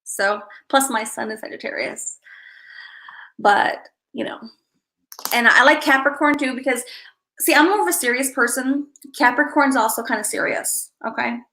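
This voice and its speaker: Bright, chatty woman hosting a livestream. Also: fairly high pitch, moderate pace, low-quality recording. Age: adult parent. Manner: chatty and rambling, greets viewers by name. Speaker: livestream host. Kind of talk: casual livestream chat.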